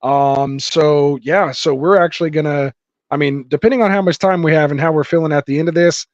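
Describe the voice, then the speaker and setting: With a voice on the high side, steady in tone and fairly quick, a man runs a live fantasy football stream and chats with viewers. He reads their comments out loud with many fillers, captured on a dull, dry lo-fi mic.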